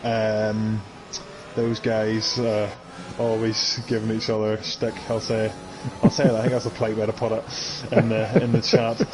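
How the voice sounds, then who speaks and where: A man giving casual live commentary on an online sim race, chatty and quick to laugh. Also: fairly low pitch, monotone, heavy background noise. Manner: chatty, laughs often, reads out viewer comments.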